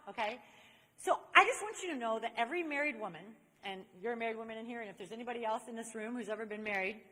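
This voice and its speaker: A woman from Saint Louis is speaking to a live audience in a large convention hall, and the long reverb of the room trails after her words. Her voice sits slightly high. She is an animated storyteller who turns to her listeners directly as she makes her point. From Saint Louis, USA. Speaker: speaker on chastity. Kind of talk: inspirational talk to a live audience.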